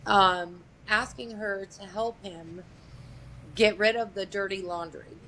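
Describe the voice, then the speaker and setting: A woman's voice: medium pitch, steady tone, slow pace, fairly bright tone, slight background noise, rough recording. A woman telling a true family story in a candid, conversational way. She is blunt, swears freely and speaks matter-of-factly, with frequent fillers. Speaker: guest sharing a family story.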